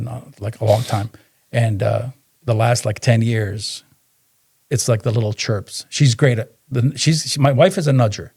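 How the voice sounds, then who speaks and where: A man guesting on a podcast, swapping business stories in a relaxed interview. His voice has a husky, gravelly texture. He tells anecdotes with energy and acts out what others said. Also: on the low side. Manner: animated storyteller who acts out dialogue. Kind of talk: casual interview storytelling.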